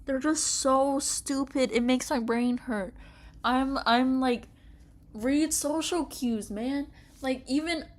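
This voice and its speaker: A young woman giving casual reaction commentary on a story, exasperated and ranting with frequent laughter. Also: sits high. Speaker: streamer reading an interactive story.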